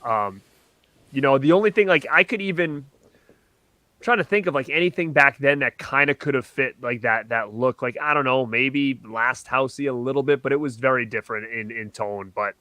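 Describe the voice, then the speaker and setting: A man co-hosting a casual horror movie talk show, chatty and quick to laugh as he reads viewer comments. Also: medium pitch, bright, forceful tone, dry recording. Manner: laughs often, loose and chatty, many fillers. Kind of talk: casual chat reviewing a ranked list.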